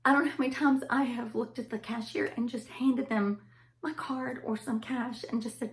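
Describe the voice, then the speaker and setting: A woman's voice: on the high side, fairly even intonation, moderate pace. A woman telling a personal family story to her viewers, heartfelt and emotional, with a loose, rambling delivery full of fillers.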